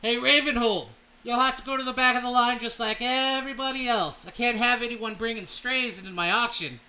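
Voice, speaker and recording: A man voicing an arrogant male noble who hosts an auction, speaking loudly and tauntingly. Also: very high voice, brisk, muffled recording, pitched above the performer's own voice, exaggerated voice. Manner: loud, taunting.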